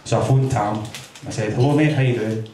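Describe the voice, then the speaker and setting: A man's voice: fairly low pitch, fairly quick, dark tone. Scottish man, stand-up comic, chatty, distant mic, roomy club, faint noise. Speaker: stand-up comedian. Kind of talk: stand-up routine. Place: comedy club stage. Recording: roomy club sound from far off.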